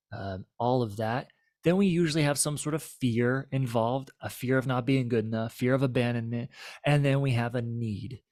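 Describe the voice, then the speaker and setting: A man's voice: mid-range voice, dry recording. Male therapist explaining relationship patterns, conversational and checking in with listeners, dry close recording. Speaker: marriage and family therapist. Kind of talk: explanatory teaching talk.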